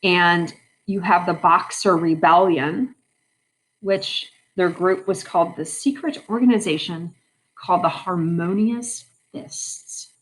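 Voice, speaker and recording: A woman's voice: lowish voice, takes it slowly, low-quality recording. A woman teaching a recorded history lesson in a chatty, informal way, talking straight to her students. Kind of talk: casual recorded lecture.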